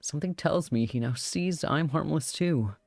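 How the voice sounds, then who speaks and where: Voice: medium pitch, moderate pace, vocal fry, darkish tone, no room sound, soft background music. A streamer reading a romance visual novel aloud live, with giggly, chatty joking asides.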